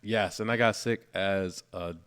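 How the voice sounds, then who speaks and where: A young man co-hosting a podcast, talking in a relaxed, rambling way with plenty of fillers. His voice sits fairly low and is recorded close and dry. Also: unhurried, smooth, no echo. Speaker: podcast co-host. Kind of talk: casual chat.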